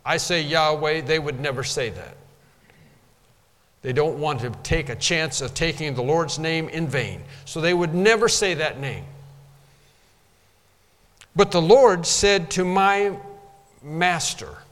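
A man's voice: on the high side, animated, unhurried, a bit bright, big-room sound. A man preaching a sermon, explaining scripture and lifting his voice to stress key phrases. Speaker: pastor.

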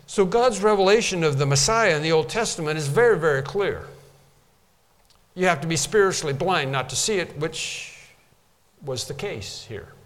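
A man's voice: on the high side, animated, moderate pace, big-room sound. A man preaching a sermon, explaining scripture and lifting his voice to stress key phrases. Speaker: pastor.

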